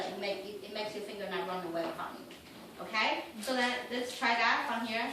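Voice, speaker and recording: A woman's voice: a little high, moderate pace, sharp tone, a little hiss or hum. A woman teaching a piano lesson, coaching a student and singing out rhythms on syllables between short instructions. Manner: sings rhythms and counts aloud with syllables; encouraging, gives short commands while the student plays. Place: room with a piano. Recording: echoey room from far off with piano.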